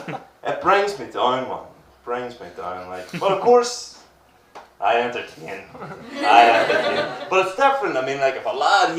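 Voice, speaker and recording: Young Northern Irish male comic, crude self-mocking patter; distant roomy live recording, audience laughs behind. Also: mid-range voice. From Northern Ireland. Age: 20s. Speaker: stand-up comedian. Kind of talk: stand-up comedy set. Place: comedy venue with a live audience.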